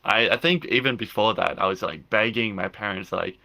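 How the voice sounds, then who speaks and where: Gravelly, bright-voiced young man rambling. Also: lowish voice, moderate pace, few pauses. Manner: rambling, with frequent restarts and "like". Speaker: guest filmmaker. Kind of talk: casual interview chat.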